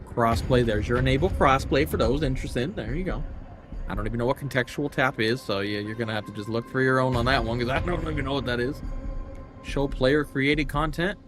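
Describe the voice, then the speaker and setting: A man's voice: mid-range voice, a little fast, over music. A young man streaming a game live, chatting casually and cursing as he thinks aloud through the menus. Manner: profane, rambling, thinking aloud while scrolling menus.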